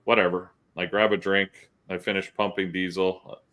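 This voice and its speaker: A man's voice: low-pitched, moderate pace. A male podcast host, telling profane stories in casual chat. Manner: profane, animated storyteller.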